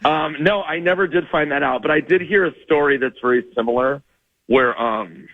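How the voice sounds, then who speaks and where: A man telling a funny story as a comedian guest on a radio show, rambling, self-mocking, with quick laughs. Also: fairly high pitch, no echo, phone-quality sound.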